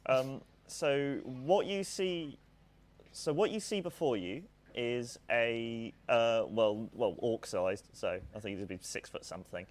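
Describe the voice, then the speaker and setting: A man's voice: mid-range voice, takes it slowly. A man, a player in a tabletop game, describing his character in a rambling, hesitant way. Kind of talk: casual tabletop role-play chat.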